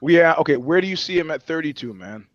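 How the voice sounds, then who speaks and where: Man, casual comedic chat, rambling, profane, slightly high voice, dull lo-fi sound. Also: animated, fast, no echo. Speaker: podcast co-host.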